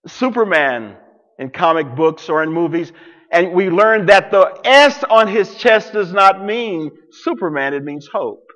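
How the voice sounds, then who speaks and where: A man preaching a sermon to a congregation, dramatic, swinging from loud declarations to hushed near-whispers. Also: high voice, long reverb tail. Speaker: pastor.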